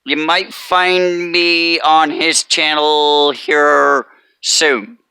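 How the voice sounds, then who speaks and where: Emphatic, bright-voiced man giving pep talks. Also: on the high side, level tone, very slow, smooth, no echo. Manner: emphatic and preachy, repeating "let me tell you". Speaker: chef and motivational vlogger. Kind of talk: casual motivational monologue.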